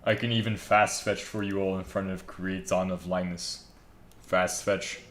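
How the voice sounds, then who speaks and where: A man's voice: deep voice, steady tone, moderate pace, background noise. A man casually chatting on a live stream, joking around and reading viewer comments aloud while he builds a server. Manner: joking, rambling, reads chat aloud.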